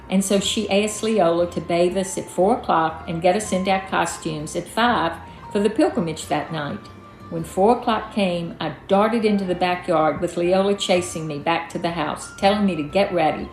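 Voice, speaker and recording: A woman reading her own memoir aloud in a folksy storytelling manner. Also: fairly low pitch. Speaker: storyteller, author. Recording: echoey room, faint music.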